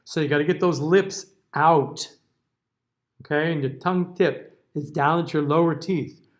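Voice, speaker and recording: American diction teacher, casual okays. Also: male voice, on the high side, measured pace. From United States. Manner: casual, checks in with frequent "okay?"; models vowel sounds aloud. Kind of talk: recorded class lecture.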